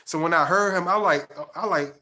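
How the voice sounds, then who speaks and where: A man's voice: high voice, fairly quick, bright, forceful tone. A man hosting a livestream, talking loosely and affectionately to viewers with lots of slang and fillers. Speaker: livestream host. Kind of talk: casual chat to viewers.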